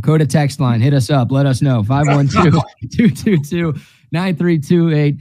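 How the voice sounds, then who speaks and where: A man's voice: a little high, steady tone, dark tone, dry recording. Teasing man with a dry close sound. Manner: quick-witted, teasing, crude jokes. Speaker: sports talk show co-host. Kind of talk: casual sports chat.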